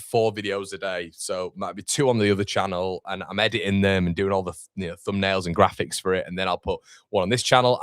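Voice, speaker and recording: Young streamer host, deep voice, dry close sound, casual chatter. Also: male voice, no room sound. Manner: chatty, reading out viewer comments. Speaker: football watchalong host. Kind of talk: casual live-stream chat. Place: home room.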